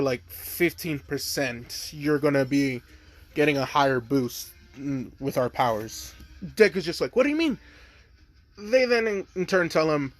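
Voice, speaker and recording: A man's voice: on the high side, no room sound. Rambling casual male fan storyteller. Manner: rambling, heavy on fillers.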